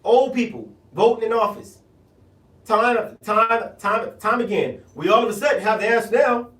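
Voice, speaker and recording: A man's voice: high voice, expressive, normal speed, fairly bright tone, roomy sound, recorded from a distance, low-quality recording. A man from South Central Los Angeles with a Los Angeles accent, hosting a radio show and ranting bluntly in slang. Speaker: radio show host, political candidate. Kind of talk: animated monologue.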